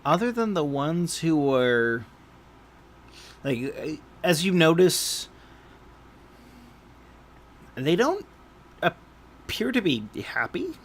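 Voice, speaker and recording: A man's voice: fairly high pitch, sing-song, extremely slow, long pauses. A man narrating as game master in a tabletop session, hesitant and full of fillers.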